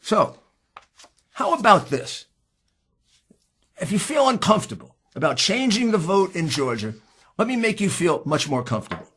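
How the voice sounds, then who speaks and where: A man with a husky voice giving an impassioned, combative political speech, pushing hard on key words. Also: high-pitched, sing-song, normal speed, pauses often. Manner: emphatic, combative, rising to shouts. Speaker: speaker at a political hearing.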